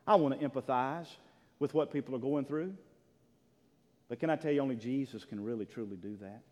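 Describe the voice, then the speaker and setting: A man's voice: medium pitch, brisk, highs cut off. Man preaching in a reverberant hall. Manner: emphatic preaching, swinging from loud to hushed. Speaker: pastor. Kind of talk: sermon. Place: church sanctuary. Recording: long reverb of a large hall.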